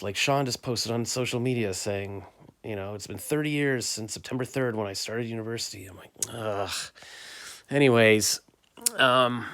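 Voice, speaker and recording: A man's voice: lowish voice, moderate pace, fairly bright tone. A middle-aged man rambling through a casual recap of his day, filmed on a phone while tidying his bedroom. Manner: rambling, chatty, self-mocking. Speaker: vlogger. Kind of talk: casual daily recap vlog. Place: bedroom at home. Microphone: phone camera.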